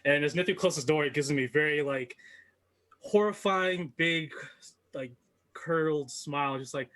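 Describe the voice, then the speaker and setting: A man's voice: on the high side, fairly bright tone. Man narrating as game master. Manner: halting, filler-heavy narration.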